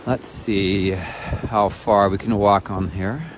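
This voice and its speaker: A man's voice: fairly low pitch, fairly even intonation, slow, a little hiss or hum. A man rambling to himself while walking outdoors in freezing cold, shivering now and then. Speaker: vlogger. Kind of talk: casual outdoor vlog rambling. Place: outdoors by icy water in cold weather.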